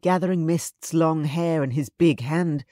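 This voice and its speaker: A woman narrating a romance audiobook in an even, measured storytelling voice. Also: low voice, no room sound, studio quality. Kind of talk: scripted narration.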